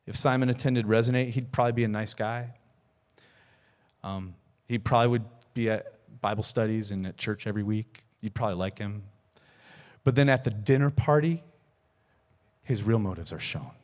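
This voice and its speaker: A man's voice: fairly low pitch, moderate pace, darkish tone. A man, a pastor, preaching a sermon, telling a story earnestly with repeated words and rising emphasis.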